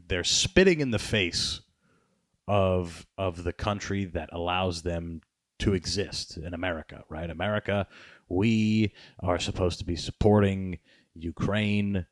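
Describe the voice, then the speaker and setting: A man's voice: deep voice, a little slow, no room sound, clean studio sound. A man hosting a podcast, chatting in a rambling, sarcastic way and swearing often. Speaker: podcast host. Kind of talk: casual podcast chat.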